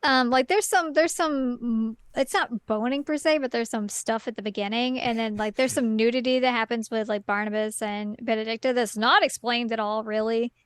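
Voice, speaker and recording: A woman's voice: a little high, steady tone, normal speed, hardly any pauses, clean tone, no room sound, clean studio sound. A woman chatting casually as a podcast guest, giggling and acting out her own reactions.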